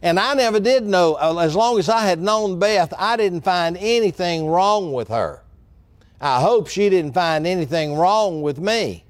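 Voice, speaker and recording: A middle-aged man delivers a sermon, his voice pitched high for a man. He is earnest and deliberate, slowing down and repeating phrases for weight. The sound is dry and close. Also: expressive, no echo. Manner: earnest preaching, slows down for emphasis and repeats key phrases. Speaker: pastor.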